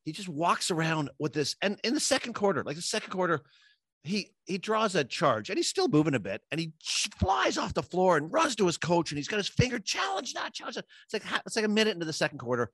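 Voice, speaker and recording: A man's voice: high voice, sing-song, quick pace, a bit bright, no room sound, studio quality. A man co-hosting a casual sports podcast, ranting with lots of restarts and repeated words. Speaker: podcast co-host.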